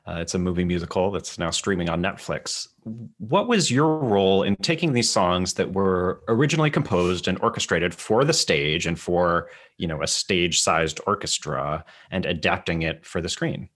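A man's voice: low-pitched, expressive, normal speed, few pauses, fairly bright tone. A man hosting a podcast, asking long, searching questions of his guest. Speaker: podcast host, theater editor. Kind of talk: interviewing.

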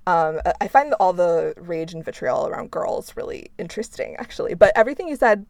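A woman's voice: lowish voice, animated, brisk, a little mellow, no echo. A woman co-hosting a casual chat, talking in a thoughtful, chatty way. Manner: thoughtful, chatty, laughs easily. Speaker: podcast co-host.

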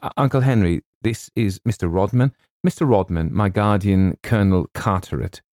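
A man reading an audiobook, voicing a young woman in a soft, dreamy, raised voice. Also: fairly low pitch, normal speed, no room sound, clean studio sound, natural voice. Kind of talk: audiobook character voice.

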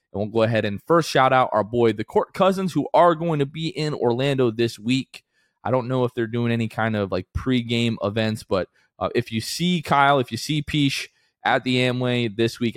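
A man co-hosting a casual sports podcast, his voice sitting on the lower side. He talks in an upbeat, rambling way, full of fillers and restarts. The recording is dry and close, with no room sound. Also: no room sound. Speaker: podcast co-host.

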